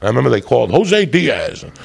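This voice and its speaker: Gravelly, foul-mouthed stand-up comedian man. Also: medium pitch, very animated, fast talker. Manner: profane, rowdy and boisterous. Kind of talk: stand-up storytelling.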